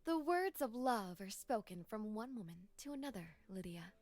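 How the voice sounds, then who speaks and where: A woman voicing an earnest young woman in a game, gently persuading a friend and reciting scripture. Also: mid-range voice, big pitch swings, moderate pace, no echo. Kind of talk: video game voice acting.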